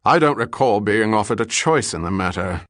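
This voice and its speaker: A haughty, evasive male diplomat, imperious and blustering under pressure, as a man reads him. The voice is low and dry, recorded close. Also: lively intonation, normal speed, fairly bright tone, dry recording. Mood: haughty, uneasy.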